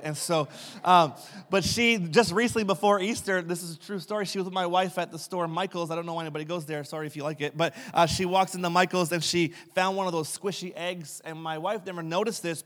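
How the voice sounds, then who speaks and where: A pastor telling funny family stories in a sermon, recorded in a church sanctuary. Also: male voice, on the high side, fairly even intonation, brisk, a bit bright. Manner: humorous anecdotal storytelling.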